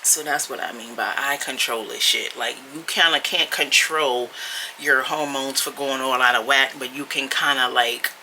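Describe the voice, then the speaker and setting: A very bright-voiced woman vlogger chats straight to her camera in a blunt, sassy way. The recording carries a faint background hiss. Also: extremely low pitch, fairly even intonation, moderate pace, poor audio. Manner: chatty, blunt and sassy, with frequent laughs and mild swearing. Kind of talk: casual chat to camera.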